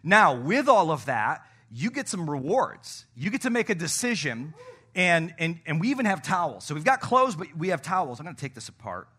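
Bright-voiced energetic male pastor. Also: fairly high pitch, moderate pace, slightly rough. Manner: energetic, playful, coaxing the congregation. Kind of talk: sermon. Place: church stage.

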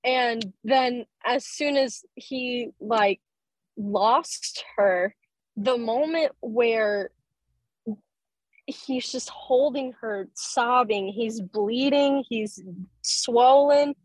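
A young woman in a casual chat, recounting an episode in an emotional, unhurried way. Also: on the high side, dry recording, low-quality recording. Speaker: podcast guest.

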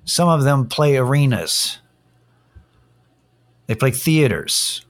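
A middle-aged man hosts a casual solo podcast from an Austin-area home, ranting in an irritated, profane way. His medium-pitched voice is very animated, though he speaks slowly.

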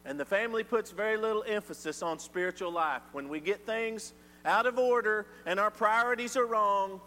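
A man preaching a sermon, swinging from loud emphatic lines to quiet ones. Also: high-pitched, lively intonation, moderate pace. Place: church sanctuary. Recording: reverberant church hall with faint hum.

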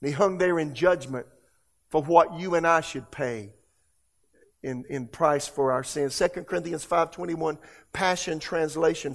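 A man preaching a sermon as pastor, emphatic, repeating words for stress and swinging between loud exclamations and hushed lines. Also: a little high, a little slow.

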